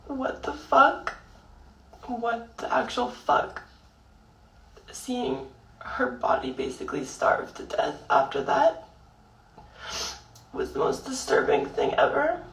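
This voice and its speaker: A young woman speaking through grief in a raw, halting personal vlog, swearing often and pausing on fillers while tearful. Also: medium pitch, roomy sound, recorded from a distance, rough recording. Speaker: vlogger. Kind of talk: emotional personal monologue.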